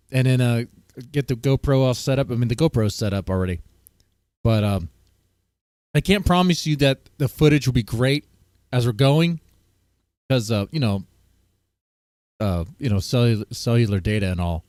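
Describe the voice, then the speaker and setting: A man's voice: mid-range voice, a little mellow, no room sound, studio quality. A man hosting a livestream, giving a rambling, crude reaction commentary full of fillers. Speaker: streamer host.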